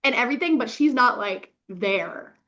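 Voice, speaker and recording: Young woman, podcast host, casual book chat, gushing, swears freely, slightly high voice, muffled lo-fi sound. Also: lively intonation, fairly bright tone. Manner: gushing and profane, quick bursts of laughter. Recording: dull lo-fi recording.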